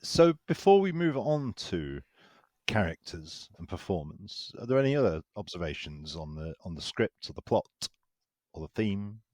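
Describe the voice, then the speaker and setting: A man's voice: low voice, very animated, moderate pace, a little mellow, no echo, clean studio sound. A man co-hosting a podcast, wondering aloud in a playful way and steering the talk. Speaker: podcast co-host. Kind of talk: casual discussion.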